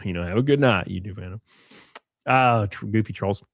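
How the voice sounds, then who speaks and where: A man's voice: on the low side, moderate pace, no room sound. A young man hosting a casual live stream, mocking and sarcastic, swearing freely and thanking viewers for gifted subs.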